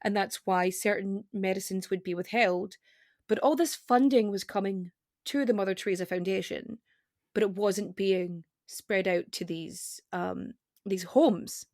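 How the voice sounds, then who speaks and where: Gravelly-voiced woman podcast guest. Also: mid-range voice, steady tone, darkish tone, no echo, clean studio sound. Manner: talks in quick, rambling runs with restarts. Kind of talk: casual podcast conversation.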